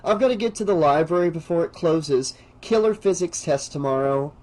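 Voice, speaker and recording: A man's voice: a little high, brisk, darkish tone, close to an everyday voice, rough recording. A man voicing a brash, teasing teenage girl in an audiobook, drawing out her words theatrically.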